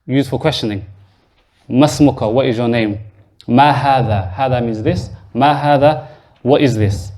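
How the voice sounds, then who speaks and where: In a mosque classroom, a man teaching Arabic grammar talks unhurriedly in an ordinary mid-pitched voice with a darkish tone. Step by step, he patiently explains, says each word again, and questions his students as the lesson moves on.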